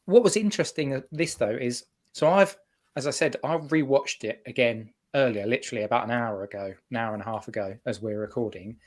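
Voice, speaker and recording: Podcast cohost, man, mid-pitch, meanders and self-corrects. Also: brisk. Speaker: podcast co-host. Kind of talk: casual football chat.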